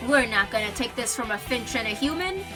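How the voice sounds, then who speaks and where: A gang of sneering male pigeon thugs, pushy and rude, as a woman puts them on. Their lines come out taunting and menacing, with pitch that swings widely. The voice sits back from the mic. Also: animated, fairly quick, natural voice. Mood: threatening. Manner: sneering, threatening. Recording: distant mic, faint music behind.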